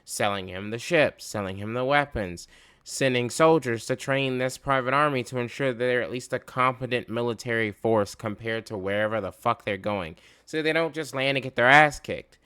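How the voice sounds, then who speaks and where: A man's voice: mid-range voice, moderate pace, sharp tone, smooth. A man giving casual, rambling commentary, swearing often as he rants while reacting to a video. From United States. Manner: profane, rambling, fired up.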